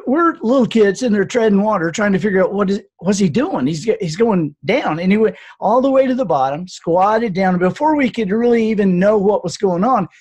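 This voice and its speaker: A man's voice: high voice, husky. A man in his sixties, an author and speaker, telling an earnest, reflective story in a podcast interview.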